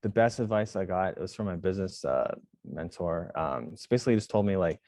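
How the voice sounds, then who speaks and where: A man's voice: low voice, fairly quick, a little mellow, dry recording, clean studio sound. A young man, a jiujitsu instructor, answering interview questions casually in a rambling way, full of fillers and restarts. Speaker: jiujitsu instructor and gym owner.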